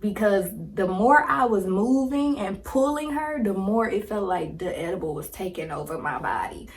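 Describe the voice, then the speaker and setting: A woman in her twenties, a vlogger telling a casual story to a phone camera, slangy and animated, laughing as she talks. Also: medium pitch, moderate pace. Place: indoors, home filming with ring light.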